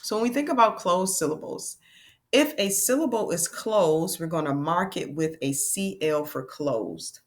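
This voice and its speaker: Woman teacher, kinda low voice, patient and upbeat, talks kids through the lesson step by step. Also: animated. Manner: patient, encouraging, calls the viewers friends, slows down to spell out sounds. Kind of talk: classroom lesson to young learners.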